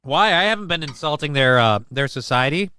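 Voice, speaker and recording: A man's voice: fairly high pitch, animated, brisk, bright, forceful tone, clean tone. A man hosting a casual live-stream show, reading chat messages aloud and riffing on them in a crude, joking, rambling way.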